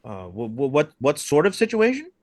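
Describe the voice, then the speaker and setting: A man's voice: on the high side, huge pitch swings, moderate pace, a little mellow, dry recording, clean studio sound. A man doing a stammering young hotel clerk. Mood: nervous. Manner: stammering, flustered, apologetic. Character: nervous young male hotel assistant manager.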